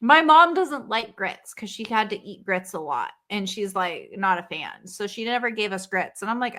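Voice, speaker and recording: A woman co-hosting a podcast in casual chat, animated and swearing casually with frequent laughter. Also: mid-range voice, normal speed, hardly any pauses. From not from the South, Southern family. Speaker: podcast co-host.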